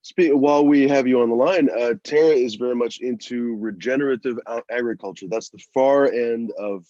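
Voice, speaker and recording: A man co-hosting a live stream, asking the others questions in quick bursts. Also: mid-range voice, dark tone, no room sound, dull audio. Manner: asks questions, talks in bursts. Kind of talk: casual chat on a live stream.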